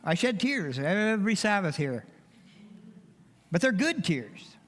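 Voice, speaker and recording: A man's voice: sits high, big pitch swings, slow pace. An older man giving a heartfelt, emotional personal testimony to a church congregation. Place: church sanctuary. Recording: long reverb of a church hall.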